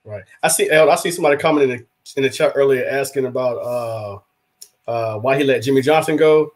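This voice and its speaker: A man's voice: medium pitch, fairly quick. A man co-hosting a casual sports talk show, rambling and acting out quotes as he goes. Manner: rambling, animated, acts out quotes. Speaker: podcast co-host, rival team's fan.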